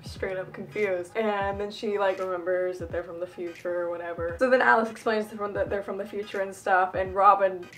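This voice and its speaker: A woman's voice: medium pitch, steady tone, a little fast, few pauses, fairly bright tone. A woman chatting casually on her fan channel vlog in a bubbly, emotional way, laughing often and using lots of fillers. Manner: lots of fillers and self-corrections.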